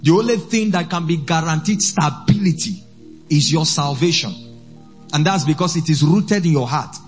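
A man, a priest preaching a sermon, who slows down and repeats phrases for emphasis. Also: a little high, soft background music.

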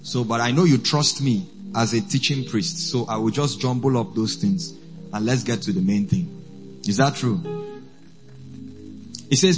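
A man, a priest preaching a sermon, who slows down and repeats phrases for emphasis. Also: medium pitch, lively intonation, faint music behind.

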